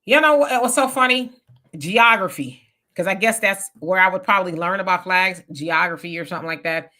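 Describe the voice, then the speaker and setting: A woman co-hosting a casual livestream, reading viewer comments aloud and telling animated stories. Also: fairly low pitch, fairly quick. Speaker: co-host reading live chat.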